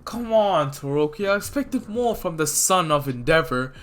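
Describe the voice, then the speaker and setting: A man's voice: fairly high pitch, animated, moderate pace, a bit bright. A man doing a smug, taunting young hero. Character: cocky young male hero, trash-talking.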